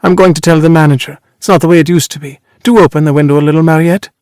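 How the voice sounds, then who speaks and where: A man's voice: a little high, steady tone, rapid-fire, a little mellow, no echo, studio quality, voice pushed up, lightly acted. A man voicing a chatty, coy middle-aged wife with a raised, airy voice, in an audiobook reading. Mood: complaining.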